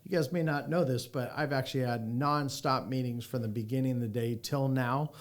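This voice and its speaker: A man hosting a sales podcast, talking in an upbeat, energetic and joking way. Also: medium pitch, fairly quick. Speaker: podcast host, annuity sales coach. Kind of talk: casual podcast chat.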